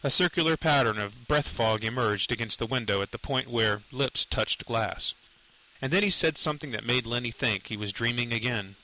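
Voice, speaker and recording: A man narrating a dark novel aloud, in a measured, dramatic storytelling manner. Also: medium pitch, rough recording. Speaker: audiobook narrator. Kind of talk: scripted narration.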